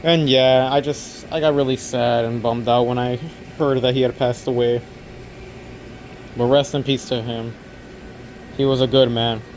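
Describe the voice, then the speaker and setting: Young guy rambling on about his night shift at the store, mid pitch voice, faint ac hum in the back. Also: darkish tone. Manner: rambling, repeats himself, earnest. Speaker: overnight convenience store clerk. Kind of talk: casual talking vlog.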